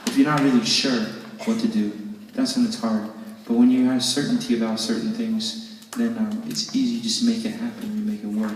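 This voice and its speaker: A man's voice: mid-range voice, little pitch movement, a little fast, far from the mic, slight background noise. A man casually joking with an audience and answering their questions from a stage, loose and rambling with many restarts. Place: concert hall stage with audience. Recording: echoey live hall from afar, loud crowd.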